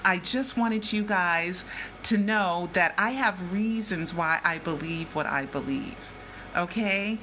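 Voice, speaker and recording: A woman's voice: medium pitch, pushed and bright, a little hiss or hum. An older woman who is a vlogger and investigative journalist, talking to her viewers in a chatty, emphatic way that circles back and repeats itself. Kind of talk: casual vlog talk.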